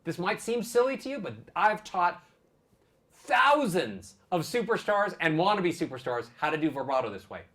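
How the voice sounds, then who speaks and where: A man's voice: high voice, very animated, normal speed, a bit bright. A male vocal coach leading a singing lesson, encouraging and demonstrating vibrato on sung syllables.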